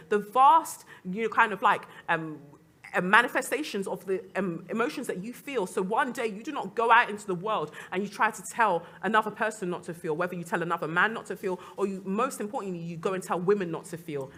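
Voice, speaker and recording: On a panel, a young adult guest speaker of Nigerian descent talks earnestly and reflectively, laughing between her points. She has a mid-range voice that's brisk, bright and forceful.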